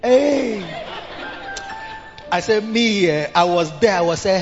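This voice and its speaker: Older ghanaian preacher man, loud animated bursts, long hall echo. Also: high-pitched, takes it slowly, pauses often. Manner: animated, shouting bursts, mixes in local phrases. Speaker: pastor. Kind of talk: sermon. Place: large cathedral hall. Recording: dull reverberant hall with music.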